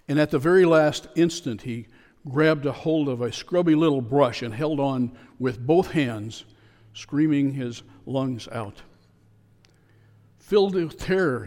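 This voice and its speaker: A man preaches a sermon, moving at a calm, measured pace and slipping jokes into his stories. His voice sits in a middle register. Long reverb from the church carries each phrase. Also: medium pitch. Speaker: pastor. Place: church sanctuary.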